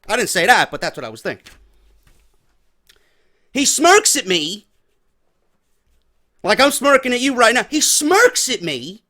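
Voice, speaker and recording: A man's voice: very high-pitched, wildly swooping pitch, measured pace, long pauses, sharp tone. A man from New York hosting a podcast, telling a story in a profane, heated, exasperated rant. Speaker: podcast host. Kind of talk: ranting storytelling.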